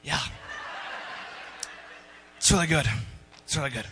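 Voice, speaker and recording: A man's voice: fairly high pitch, a little slow, pushed and bright, a little hiss or hum, pitched below the performer's own voice. A man voicing a goofy, self-important Scottish rapper who rambles and laughs at his own jokes, with a Scottish accent. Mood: boastful. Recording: long hall reverb.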